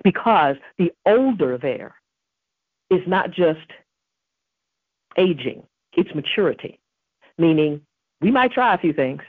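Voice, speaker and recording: Earnest woman preaching on her podcast, kinda husky, dry tinny phone-ish sound. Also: on the low side, sing-song, takes it slowly, pauses often, dry recording. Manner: earnest, emphatic, quotes scripture. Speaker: podcast host. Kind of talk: devotional preaching.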